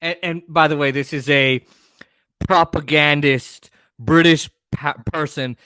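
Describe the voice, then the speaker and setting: A man's voice: a little high, fairly even intonation, unhurried, sharp tone, clean tone, no room sound, studio quality. A man hosting a livestream, chatting casually about politics in a loose, joking, profane way. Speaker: livestream host. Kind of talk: casual political commentary chat.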